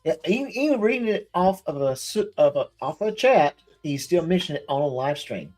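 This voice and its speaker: A man's voice: on the high side, lively intonation, a little fast, a little mellow. A man hosting a live-stream commentary show, chatty and hesitant, with many restarts. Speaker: host.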